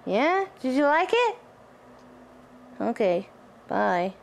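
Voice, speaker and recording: A woman's voice: sits high, big pitch swings, moderate pace. A woman vlogger chatting casually at home, playfully cooing at and teasing her cat. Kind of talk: casual home video chat.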